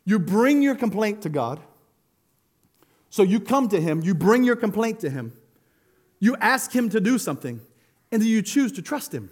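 A man preaching a sermon as pastor, animated, laughing and acting out quotes as he goes. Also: sits high, moderate pace, long pauses, husky.

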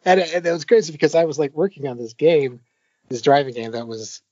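A guest who designs arcade games chats at length in an interview, his fairly high voice moving at a quick pace. The sound is lo-fi with background noise. He rambles, restarting often and using lots of fillers, yet turns animated when retelling stories.

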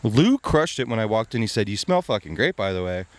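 A man chatting casually as a podcast guest, quick and animated. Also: on the low side. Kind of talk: casual chat.

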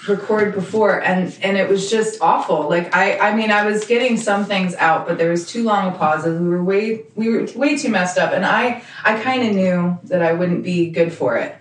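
Soft-spoken woman, far off the mic. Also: medium pitch, moderate pace, few pauses. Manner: soft, soothing voice. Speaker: tattoo artist, podcast co-host. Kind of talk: casual chat. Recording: roomy, picked up from far off the mic.

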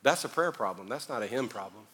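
Middle-aged Southern pastor, lively joking sermon delivery, bright voice echoing through a church. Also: male voice, lowish voice, fast talker. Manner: animated, joking preacher, swings loud and quiet. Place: church sanctuary. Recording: long hall reverb.

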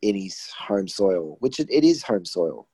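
Give me a laid-back Australian man with a low, husky voice, chatting on a podcast call. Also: big pitch swings, measured pace, mellow, dry recording, rough recording. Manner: laid-back, lots of "you know". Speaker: podcast co-host. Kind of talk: casual chat. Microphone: remote call, patchy line.

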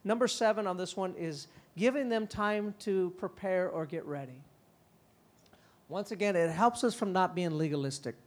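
Animated middle-aged man giving a talk. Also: high voice. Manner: animated, acts out parents and kids in quick quoted voices. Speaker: conference speaker on parenting. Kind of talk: conference talk.

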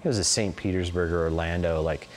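This man in his forties answers interview questions with long, rambling stories, leaning on "like" and "you know." He talks fast in a low-pitched, steady voice, with a little hiss or hum audible.

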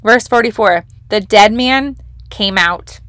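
This devotional podcast is led by a young woman who teaches Scripture with casual enthusiasm and plenty of emphasis. She talks slowly at a medium pitch, her tone a bit bright, and the recording is dry.

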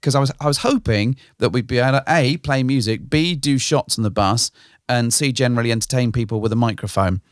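A man's voice: mid-range voice, a little fast, no room sound, studio quality. A man co-hosting a podcast, telling a story in a rambling, casual way and hedging with "sort of". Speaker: podcast co-host. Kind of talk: casual chat.

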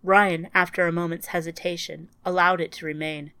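A woman narrating a short story for a podcast in a measured, even storytelling manner. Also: on the low side, clean tone, no echo. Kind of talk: scripted narration.

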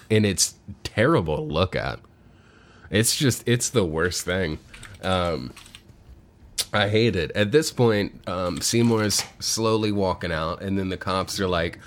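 A man co-hosting a podcast, casually retelling a movie plot with a lot of fillers and the odd swear word. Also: low voice. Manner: laid-back, with many fillers and some swearing. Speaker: podcast co-host.

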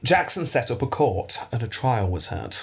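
Husky man telling history, dry jokes. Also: medium pitch, very animated, normal speed. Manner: dry, joking storyteller with frequent laughs. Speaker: podcast host telling a history story. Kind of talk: casual history podcast chat.

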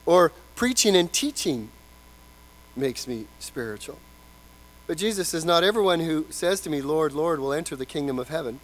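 A man preaching a lively sermon in a church, his voice a little higher than most men's. He acts out the people he quotes and then drops to a soft, slow emphasis on his key points. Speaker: pastor.

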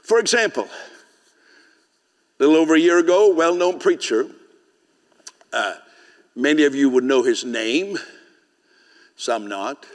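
A man's voice: a little high, expressive, a little slow, pauses often, long reverb tail. A man preaching a sermon as pastor, speaking conversationally, often asking the congregation questions and laughing. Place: church sanctuary.

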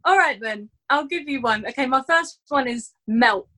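High, bright-voiced woman. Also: normal speed. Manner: hesitant with many ums, giggly. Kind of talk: casual chat.

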